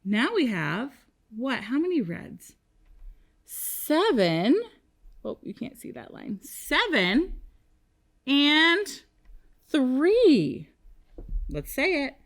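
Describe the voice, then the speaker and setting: On a televised kindergarten math lesson, a woman guides the children through slow, sing-song call-and-response counting. Her voice sits a little high and has a sing-song lilt.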